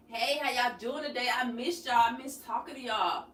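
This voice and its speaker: A woman's voice: fairly even intonation, moderate pace, few pauses, a bit bright, a little hiss or hum. A woman hosting a casual livestream at home, chatting through her skincare routine, reading viewer comments aloud and laughing often. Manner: laughs often, bursts into high squeals. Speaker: livestream host.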